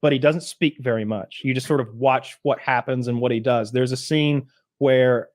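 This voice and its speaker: A man co-hosting a podcast, chatting casually and profanely, acting out scenes in quick put-on voices. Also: medium pitch, fairly even intonation, dry recording, clean studio sound. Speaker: podcast co-host. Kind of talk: casual chat.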